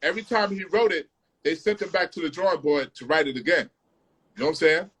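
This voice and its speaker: High-voiced man telling studio stories. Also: fast talker, slightly rough. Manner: animated, repeats phrases, hums melodies. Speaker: music producer. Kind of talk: casual storytelling.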